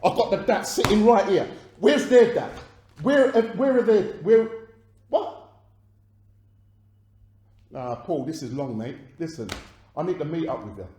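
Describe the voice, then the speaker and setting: An actor playing an agitated record label boss, arguing on the phone and swearing. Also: male voice, high-pitched, animated, unhurried, long pauses, warm tone, roomy sound, slight background noise. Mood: outraged. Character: angry male London record boss on phone. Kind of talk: dramatized film phone calls.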